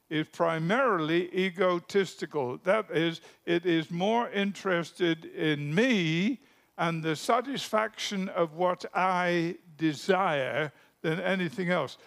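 A man preaching a sermon in a deliberate, emphatic way, letting his phrases trail off softly at the ends. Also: high-pitched, creaky.

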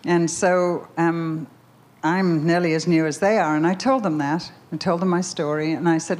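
An older woman speaking at a Christian gathering with a low voice. She tells her story animatedly, posing questions and stressing words. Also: steady tone, moderate pace, darkish tone. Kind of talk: personal storytelling talk.

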